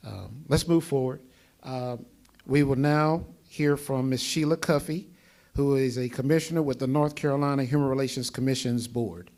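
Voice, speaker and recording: Man official, mid-pitch voice, short hesitant remarks with fillers. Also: moderate pace, darkish tone. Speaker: state community relations official. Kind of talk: brief remarks at a forum. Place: forum hall at a college.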